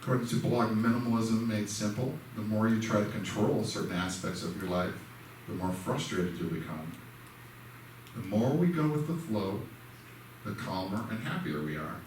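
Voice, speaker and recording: Speaking at normal speed in a fairly low, darkish voice, a man gives a conversational lesson in a church sanctuary, full of personal stories. He's self-deprecating and performs quoted dialogue, and the hall's echo, a distant mic, and faint noise color the sound.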